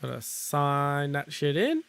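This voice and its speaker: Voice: mid-range voice, big pitch swings, takes it slowly, creaky, a bit bright, clean tone, dry recording. A streamer from Australia chatting casually while gaming, grumbling and sarcastic, muttering to themselves between matches.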